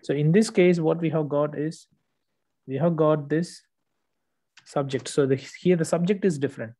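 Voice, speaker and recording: A man's voice: fairly high pitch, steady tone, moderate pace, dark tone. A man tutoring one student, correcting written work patiently and checking understanding often. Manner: patient, explanatory, frequent "okay" checks. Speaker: English test tutor.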